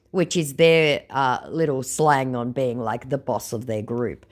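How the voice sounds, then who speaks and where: A woman's voice: rumbling low, sing-song, normal speed, a little mellow. A woman reading out a chat exchange with a scammer and commenting on it, in a sarcastic, mocking manner. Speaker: scam baiter.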